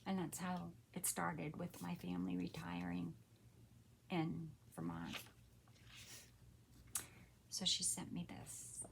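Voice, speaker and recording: A woman in her sixties hosting a casual craft unboxing, soft-spoken and often hushed, with gasps of delight. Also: lowish voice, expressive, slow pace, vocal fry, long pauses, a little hiss or hum. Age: 60s. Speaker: crafter and channel host.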